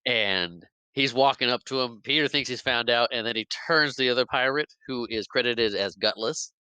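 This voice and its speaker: A man co-hosting a podcast in casual chat, retelling a film with animated energy, acting out the lines and laughing often. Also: mid-range voice, normal speed, smooth, dry recording, low-quality recording. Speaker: podcast co-host.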